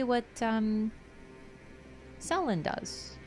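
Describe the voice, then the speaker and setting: A woman's voice: lowish voice, animated, normal speed, faint music behind. A woman streaming a game, talking casually through its lore, thinking aloud and answering her chat. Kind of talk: casual livestream lore commentary.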